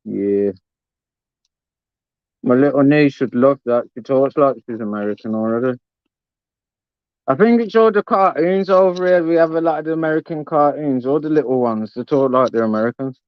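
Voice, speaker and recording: A man's voice: medium pitch, normal speed, clean tone, no echo. Laid-back British man, slangy. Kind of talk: casual chat. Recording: dull lo-fi sound.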